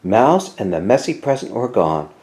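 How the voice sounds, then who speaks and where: A man reading a children's picture book aloud, expressive and animated. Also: fairly low pitch, moderate pace. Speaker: storyteller. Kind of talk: children's story read-aloud.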